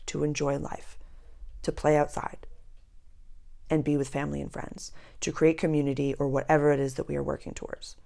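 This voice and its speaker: Gravelly low-voiced woman, chatty astrology vlogger. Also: level tone, fairly quick, dark tone. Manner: chatty and rambling, drops to a whisper at times. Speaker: astrology channel host. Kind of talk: casual spiritual talk to camera.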